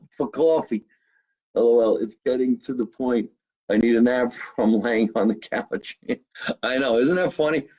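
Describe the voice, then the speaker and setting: A middle-aged man with a New Jersey accent talks casually and profanely from his basement. He rambles and jokes straight to his viewers in an easy, mid-pitched voice. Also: measured pace, a little mellow, poor audio. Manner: loose, profane, joking to viewers. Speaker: comedian host. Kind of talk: casual live-stream chat. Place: home basement.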